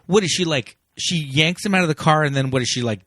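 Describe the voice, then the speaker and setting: Animated man retelling a movie. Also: fairly high pitch, fast, no room sound, clean studio sound. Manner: animated, acts out characters' lines, laughs often. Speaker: podcast co-host. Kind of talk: casual movie-review chat.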